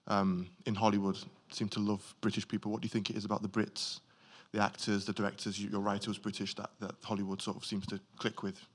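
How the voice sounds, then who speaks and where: Fast, flat-voiced male questioner. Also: fairly low pitch. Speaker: audience questioner.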